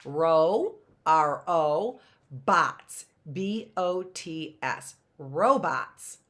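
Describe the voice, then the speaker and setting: A middle-aged woman teaching a phonics lesson to young children, slowly sounding out words and spelling them letter by letter. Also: sits low, lively intonation, fairly bright tone. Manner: slow, sounding out words syllable by syllable.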